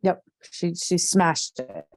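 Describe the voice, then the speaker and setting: A woman as a therapy client, talking haltingly and repetitively through an emotional memory, with many fillers. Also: fairly low pitch, sing-song. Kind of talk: emotional guided recall.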